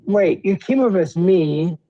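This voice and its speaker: A man's voice: high-pitched, expressive, dull audio. A man hosting a livestream in loose, rambling casual chat, often cutting in. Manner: loose, rambling, quick to interrupt. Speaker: livestream host.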